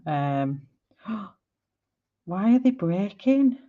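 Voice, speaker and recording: A woman's voice: mid-range voice, very animated, extremely slow, phone-quality sound. A woman in her forties chatting casually on a live stream while she colours, rambling and laughing often. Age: 40s. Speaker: art livestreamer.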